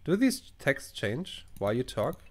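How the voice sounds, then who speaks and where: A man's voice: mid-range voice, big pitch swings, a little slow, a little mellow. A man giving casual commentary while playing a game at home, reading choices aloud, musing over them and swearing often. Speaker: let's player.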